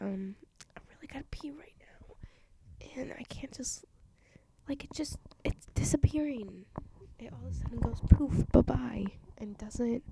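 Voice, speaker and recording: A woman's voice: on the high side, vocal fry, noisy background. A young woman hosting her own podcast, rambling in an offhand, self-mocking way as she chats alone. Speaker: podcast host. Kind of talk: casual solo chat.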